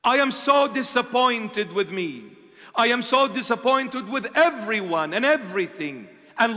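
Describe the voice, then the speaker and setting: High-voiced preaching bishop in a reverberant church. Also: male voice, animated, unhurried. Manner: impassioned, rhetorical questions, swings from loud to hushed. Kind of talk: sermon.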